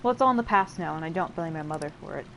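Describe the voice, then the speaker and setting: A woman's voice: low voice, creaky, slight background noise, low-quality recording. Chatty woman narrating a game playthrough. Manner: chatty, rambling, many fillers and self-interruptions; paraphrases game dialogue in quick lively asides. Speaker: let's play host translating a game. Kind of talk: casual gameplay commentary.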